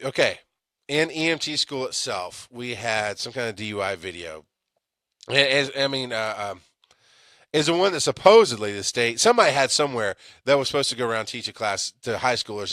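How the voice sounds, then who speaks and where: A man's voice: medium pitch, fairly bright tone, no echo, studio quality. A man hosting an EMS show, telling a story in a rambling, casual way with many restarts. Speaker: EMS podcast host.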